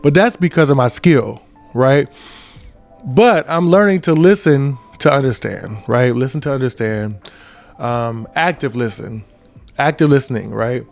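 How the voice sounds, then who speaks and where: A man's voice: medium pitch, measured pace, vocal fry, soft background music. A man in his twenties giving a casual motivational talk as a podcast host, often checking in with "right?". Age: 20s. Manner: conversational, repeats "right?" often.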